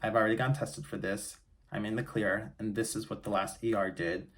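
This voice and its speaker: A man's voice: lowish voice, little pitch movement, brisk, fairly bright tone. Candid man telling a personal story. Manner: emotional, candid, casual with many fillers and restarts. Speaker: vlogger.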